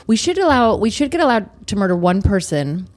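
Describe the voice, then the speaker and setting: A woman's voice: mid-range voice, very animated, a little fast. Ranting, emphatic woman comedian guest. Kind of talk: casual chat.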